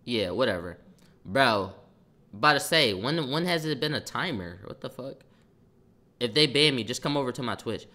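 A young man telling a story on a livestream in casual chat, animated and profane, breaking off to react to viewers' comments. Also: mid-range voice, moderate pace.

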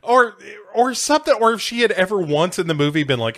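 A man's voice: sits high, big pitch swings, a little fast, few pauses, a bit bright. A man co-hosting a podcast, making wry, sarcastic asides and laughing often in casual chat. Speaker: podcast co-host.

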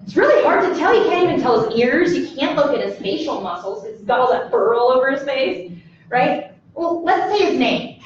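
A woman dog trainer lecturing a live audience, lively and acting out voices of dogs and people. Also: high voice, a little fast, background noise. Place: presentation room with audience. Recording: echoey room, mic from far off, dull sound.

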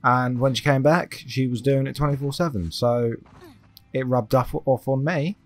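A man with a Southern English accent and Australian slips, chatting excitably through a game and swearing a lot. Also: medium pitch, moderate pace. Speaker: let's play host. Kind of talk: casual gameplay commentary.

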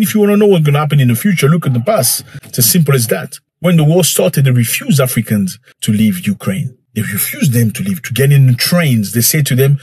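A man delivers reaction commentary with a husky, breathy edge to his voice. He talks emphatically and preachily, repeating key phrases for effect. The sound is dry and close, with little room around it. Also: mid-range voice, a little mellow, no room sound. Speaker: commentator reacting to a news clip. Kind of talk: direct-to-camera commentary.

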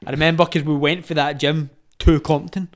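Smooth-voiced Glaswegian man telling stories. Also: fairly high pitch, flat delivery, brisk. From Scotland. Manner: storytelling, lots of fillers and restarts. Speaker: podcast guest, boxer. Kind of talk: casual chat.

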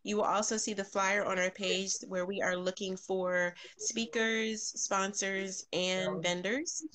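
A woman's voice: medium pitch, flat delivery, unhurried, fairly bright tone. A woman hosting a live podcast stream, greeting viewers by name and making announcements with frequent ums. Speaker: podcast host.

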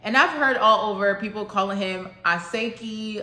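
A woman's voice: mid-range voice, moderate pace, few pauses, pushed and bright, echoey room. A woman casually explaining song lyrics to her channel's viewers, chatty and thinking aloud as she goes.

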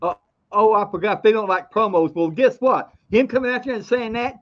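A man's voice: high voice, a little fast. A man co-hosting a wrestling podcast, stammering and repeating words as he rants with heavy swearing. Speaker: podcast co-host. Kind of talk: profane wrestling podcast rant. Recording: dull lo-fi podcast audio.

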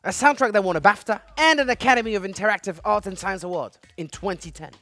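A man's voice: high voice, quick pace, soft background music. A man hosting a playful studio video series, joking and quipping as he presents. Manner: jokey, animated, sings snippets. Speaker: host.

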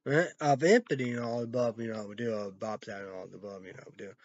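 A man rants on his own channel, cursing and jumping from one thought to the next. He lurches between loud outbursts and low mutters in a middle-pitched voice. The audio is muffled and lo-fi, with a dry, close sound. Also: steady tone, quick pace, no echo. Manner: profane, rambling, swings between loud outbursts and low mumbling. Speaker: vlogger. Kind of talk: rambling solo rant.

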